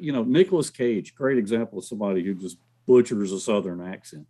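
A man's voice: fairly low pitch, fast, hardly any pauses, slightly rough. A man, a guest on a podcast, chatting casually and telling stories about acting and accents. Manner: animated, jumps in, mimics voices in anecdotes. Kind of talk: casual chat, storytelling.

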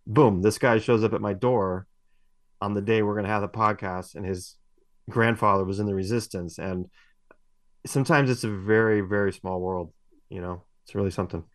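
A man's voice: on the low side, fairly even intonation, normal speed, no room sound. A middle-aged man co-hosting a podcast, telling long rambling stories with many fillers and restarts. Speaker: podcast co-host. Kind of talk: casual podcast chat.

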